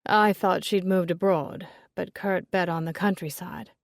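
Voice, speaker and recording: Lady putting on a raspy smoker shopkeeper, low and hushed, blunt and offhand, dry sound. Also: steady tone, a little slow, no room sound. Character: raspy chain-smoking London shop owner woman.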